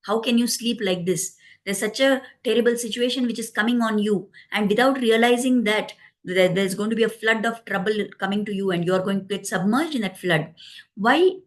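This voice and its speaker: A scheming old nursemaid scolds and presses, firing one urgent question after another, as a woman storyteller puts her on. Her voice sits mid-high, told as part of a spoken epic retelling. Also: moderate pace, lightly acted. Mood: scolding.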